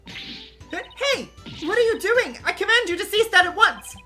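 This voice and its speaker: A man's voice: very high voice, big pitch swings, a little slow, pushed and bright, faint music behind, voice pushed up, exaggerated voice. A man doing a haughty, imperious young royal. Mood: outraged. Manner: formal, condescending speech.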